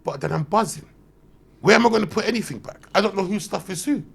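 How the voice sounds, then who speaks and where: This is a man in his thirties with a very gravelly, high voice. He tells stories loudly as a podcast guest, full of swearing and slang, and his pitch swings widely. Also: animated, fast. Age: 30s. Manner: loud, swearing, slang-heavy storytelling. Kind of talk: animated anecdote telling.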